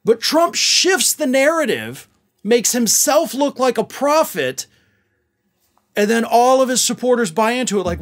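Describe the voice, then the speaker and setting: A man's voice: very high-pitched, sing-song, measured pace, a bit bright. A man hosting political commentary, talking in a sarcastic, mocking and exasperated way.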